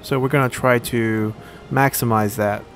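A man giving casual let's-play commentary while he plays a strategy game, thinking aloud and pausing often on fillers. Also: medium pitch, steady tone, soft background music. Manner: thinks aloud, halting with frequent "uh".

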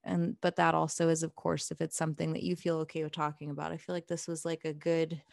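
A woman's voice: deep voice, completely flat delivery, fast, creaky, no echo, clean studio sound. Wry young woman podcast co-host. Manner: wry, joking, laughs often, gentle when serious. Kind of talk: casual chat.

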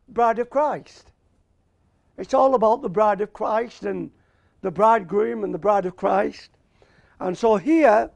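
Australian male preacher, slow, deliberate sermon delivery, high, gravelly tone. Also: darkish tone, dry recording. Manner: slow and emphatic, repeats key words, asks "Amen?".

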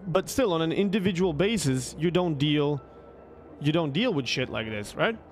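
A young man casually telling a long, animated story, swearing freely and restarting his sentences. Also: a little high, moderate pace, faint music behind. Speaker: streamer telling stories.

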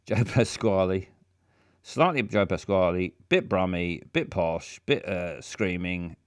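A man's voice: low-pitched, takes it slowly, smooth, no room sound, clean studio sound. A man streaming a game, describing a character in a rambling, hesitant way full of fillers. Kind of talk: casual game commentary.

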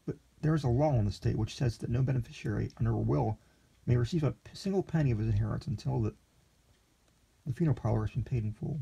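Brief: man playing a condescending, grasping lawyer with a gravelly, dark tone. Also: mid-range voice, fast talker. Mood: scheming. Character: greedy smooth-talking male city lawyer.

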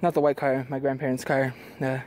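A man recording a casual vlog outdoors in a driveway, out of breath and talking in halting, quiet, earnest phrases. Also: mid-range voice, flat delivery, a little hiss or hum. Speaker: vlogger. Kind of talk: casual vlog talk to camera.

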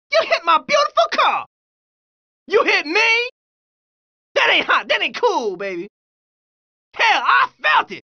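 A yelping cocky street dancer. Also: male voice, bright, forceful tone, highs cut off, full character voice. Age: young adult. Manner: high yelping exclamations, slangy street talk. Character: brash young street dancer, cocky and hot-headed. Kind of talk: video game pedestrian voice lines.

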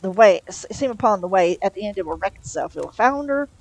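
A woman's voice: medium pitch, expressive, fast talker, creaky, a little mellow, rough recording. A woman reading a storybook and voicing a prim, anxious male angel.

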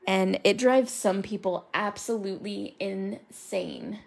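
A woman with a gravelly, creaky voice chats in a slow, unhurried way while she colors. She rambles from one thing to the next and greets her viewers by name. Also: mid-range voice. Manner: chatty and rambling, talks to chat viewers by name. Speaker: crafter coloring live with viewers.

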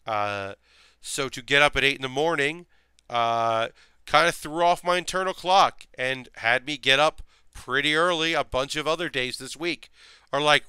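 A mid-range, bright and forceful voice comes through smooth with no room sound as a man live-streams a model build. He rambles in casual chat, thinking aloud and muttering while he works, sleepy and yawning.

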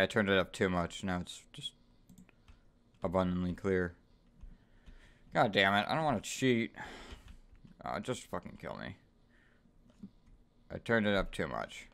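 A man giving let's-play commentary on a horror game, swearing constantly, trash-talking the game's characters and bursting into sudden yells of frustration. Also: lowish voice, clear, resonant tone. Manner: profane, frustrated outbursts and sudden yelling. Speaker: gaming YouTuber.

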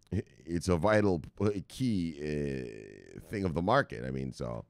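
A man's voice: very deep voice, expressive, slow pace, vocal fry, clean tone, dry recording, clean studio sound. A man hosting a crypto news channel, chatting casually and rambling as he reacts to market charts, swearing often and getting hyped. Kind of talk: casual chat, live market commentary.

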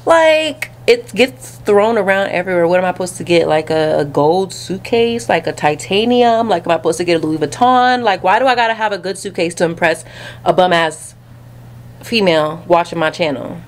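A woman's voice: lowish voice, normal speed. A young woman with a Southern US accent chatting casually to her viewers in a vlog, sassy and talkative, calling them y'all and honey. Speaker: vlogger. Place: home closet.

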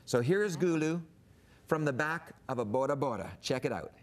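A man's voice: mid-range voice, animated, moderate pace. A man talking on a studio talk show as a guest missionary and TV producer, earnest and enthusiastic, with frequent restarts. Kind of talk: casual studio chat.

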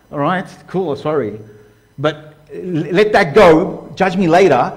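Male preacher, tenor-ish, chatty sermon style with sudden loud and soft turns. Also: a little high, moderate pace. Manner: conversational, asks the congregation direct questions; voice swings from hushed to loud. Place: church hall before a live congregation.

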